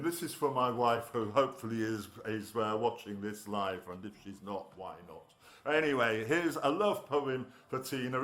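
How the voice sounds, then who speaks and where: Slow, rhythmic man reciting poetry. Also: medium pitch, fairly bright tone. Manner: rhythmic, punchy delivery with playful asides. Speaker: performance poet. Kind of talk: live poetry reading. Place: studio.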